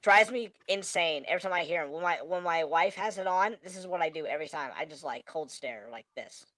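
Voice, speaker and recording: A man's voice: on the high side, brisk, sharp tone, no room sound, voice pushed up. A man talking through a voice changer set to a girl voice, exasperated and repeating himself in a casual podcast chat. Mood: ranting. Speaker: podcast host.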